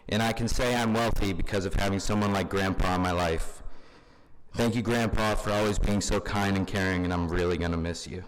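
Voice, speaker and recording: Young male eulogist, low voice, casual and halting, long reverb of a large hall. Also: fairly even intonation. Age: young adult. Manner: informal, many fillers. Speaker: grandson giving a eulogy. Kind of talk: funeral eulogy.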